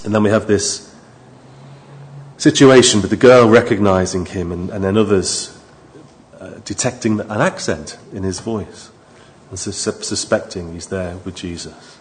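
A man preaching a sermon, moving from quiet, low asides to raised, emphatic appeals to his listeners. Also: unhurried.

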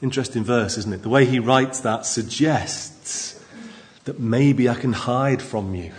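A man preaching a sermon into a microphone in a church, emphatic and lively, with asides to the congregation. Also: medium pitch, unhurried.

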